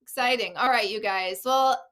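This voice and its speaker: Female talk host, casual and talkative, crisp bright tone. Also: a little high, moderate pace. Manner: chatty, laughs often, reads live comments. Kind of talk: casual live show chat. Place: Oregon.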